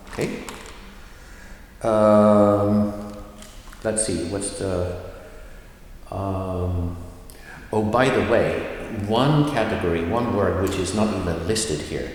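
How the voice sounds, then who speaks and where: Slow-talking male teacher in echoey room. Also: low voice, a little mellow. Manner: slow, halting explanations with many fillers, repeating example phrases. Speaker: language teacher. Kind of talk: recorded language lesson. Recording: echoey room with long reverb.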